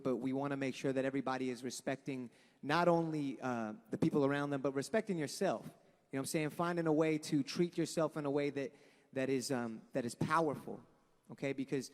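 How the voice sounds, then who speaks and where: A young man from Los Angeles, a band frontman giving an earnest, rambling, profane speech to a live crowd at an outdoor event. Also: mid-range voice. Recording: long echoing reverb from a sound system.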